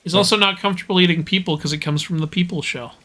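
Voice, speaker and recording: A man's voice: high-pitched, steady tone, quick pace, sharp tone. A young man chatting casually while gaming, joking, laughing a lot and acting out little quotes. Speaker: streamer and host.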